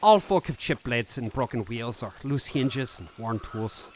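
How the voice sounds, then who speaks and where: Man putting on a roaming tinker, odd made-up accent, lively pitch, faint hiss behind. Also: a little slow, close to an everyday voice. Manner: put-on vague foreign-sounding accent, earnest. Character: wandering male tinker, soft-spoken outsider. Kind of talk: live voice-over of a game.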